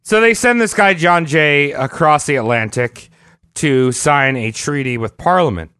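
A man with a slightly high voice talks through history in a loose, joking podcast chat. He explains at length, drops crude asides and laughs easily. The sound is dry and close. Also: measured pace, pushed and bright, clear, resonant tone, no room sound. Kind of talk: casual comedic history chat.

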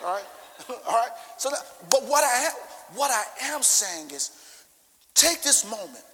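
With an extremely high, sing-song, slightly bright voice, a pastor delivers his fervent sermon unhurriedly, driving home repeated declarations amid congregational prayer. It was recorded in a large church with a long echo.

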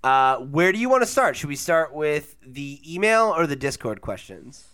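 A young man hosting a casual podcast, laid-back and quick to laugh, with lots of fillers. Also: fairly high pitch, very animated, a bit bright, smooth. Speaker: podcast host.

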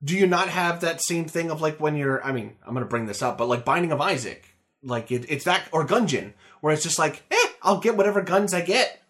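A man with a slightly higher voice co-hosting a relaxed gaming podcast. He talks with animated enthusiasm, often jumping in with excited asides and gentle teasing. He is recorded close on a podcast microphone. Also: fairly quick. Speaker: podcast co-host. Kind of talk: casual gaming podcast chat.

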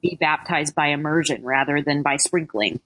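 Woman guest, lowish bright voice, chatty and self-deprecating, close dry mic. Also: normal speed, no echo. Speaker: interview guest. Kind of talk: casual conversational interview.

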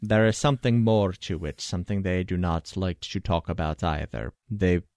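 A man voicing a formal, measured male expert on the Fae in a tabletop game, speaking with deliberate phrasing. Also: low-pitched, darkish tone, no echo, studio quality. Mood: grave.

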